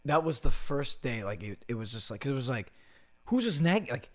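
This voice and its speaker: A man's voice: mid-range voice, brisk. A young man guesting on a podcast, telling stories in casual chat, swearing a lot and acting out quotes in different voices.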